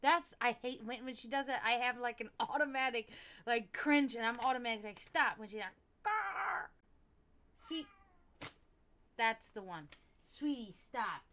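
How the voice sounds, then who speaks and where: A woman's voice: on the high side, normal speed, pushed and bright, slight background noise. A woman from Germany, chatting casually on a livestream, rambling off on tangents and swearing when something annoys her. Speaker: streamer reading and discussing esoteric texts. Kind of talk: casual livestream chat with reading aloud.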